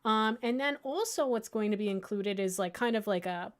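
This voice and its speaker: A woman librarian giving a casual software tutorial, thinking aloud, with lots of fillers and restarts and a playful, self-mocking humor. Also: mid-range voice, moderate pace. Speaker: librarian teaching audio editing.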